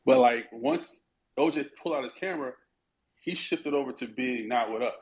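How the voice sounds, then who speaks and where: A man co-hosting a podcast in casual chat, relaxed and slangy with some swearing. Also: medium pitch, normal speed, low-quality recording.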